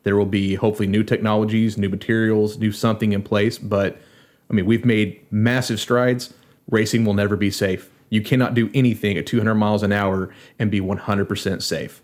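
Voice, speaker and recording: Man, low voice, podcast panelist, lively and jokey. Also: fairly quick. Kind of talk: casual discussion.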